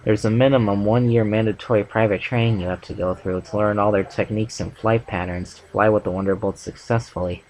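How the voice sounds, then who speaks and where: A man's voice: on the low side, fairly even intonation, a little fast, hardly any pauses, darkish tone, lightly acted, low-quality recording. A man reading as a regretful tomboy pony. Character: remorseful tomboy female pony, blunt. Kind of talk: amateur fanfic reading.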